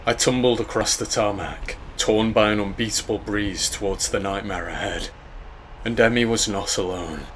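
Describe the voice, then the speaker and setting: Slow, low-voiced man narrating horror. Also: fairly bright tone, slight background noise. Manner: slow, measured and grave. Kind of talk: scripted horror story narration.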